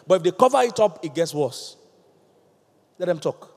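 A man preaching a lively sermon, acting out little scenes and laughing with his listeners. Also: sits high, moderate pace, big-room sound. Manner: animated, acts out voices, laughs with the congregation.

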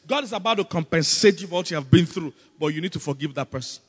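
A man with a Nigerian accent preaching a sermon as pastor, animated and often breaking into comic voices. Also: on the high side, fast talker, hardly any pauses, breathy edge, long reverb tail.

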